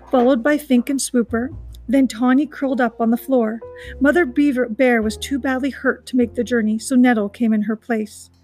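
A woman's voice: fairly high pitch, darkish tone, rough recording. A woman reading a children's novel aloud, adding chatty asides to her listeners. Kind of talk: storybook read-aloud.

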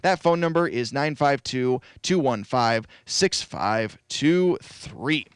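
A man hosting a local radio call-in show, friendly, repeating phone numbers slowly. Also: mid-range voice, animated, clean tone, dry recording. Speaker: radio host. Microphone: studio microphone.

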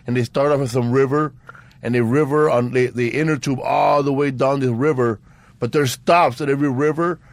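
Rambling host on a dry mic. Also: male voice, medium pitch, fairly even intonation, a little fast, no room sound. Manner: rambling, repeats words, says "bro" and "man". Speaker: podcast host. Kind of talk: casual chat.

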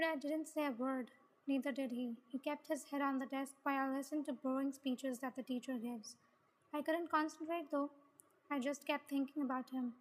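A woman reading a first-person story aloud in a plain, even way. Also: high voice. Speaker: story reader.

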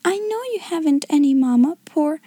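A woman voicing a flustered, helpless plump schoolmistress who talks excitedly and whimpers. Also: sits high, quick pace, dry recording, pitched above the performer's own voice. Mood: frantic. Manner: excitable, veering between coaxing and scolding, whimpering.

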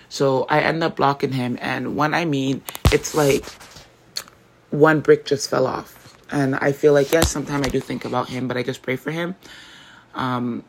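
A woman's voice: a bass voice, slight background noise. A woman hosting a faith podcast, talking in an earnest, rambling way and often correcting herself mid-sentence. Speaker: podcast host.

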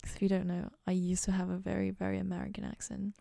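A woman's voice: medium pitch, completely flat delivery, fast talker, gravelly, dark tone, dry recording. A young woman hosting a podcast, chatting casually and rambling in a goofy, self-mocking way from her dorm room. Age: young adult. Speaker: podcast host. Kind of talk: casual solo chat.

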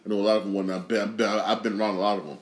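A man's voice: fairly low pitch, flat delivery, rapid-fire. Rambling podcast man in a roomy echo. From Connecticut. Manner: rambling, repeats himself, swears freely. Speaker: podcast host. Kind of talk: casual solo podcast monologue.

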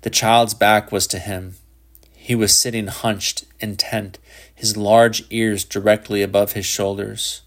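A male narrator reads a literary short story in a measured, even delivery. His voice sits fairly low and stays steady through the telling. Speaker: audiobook narrator.

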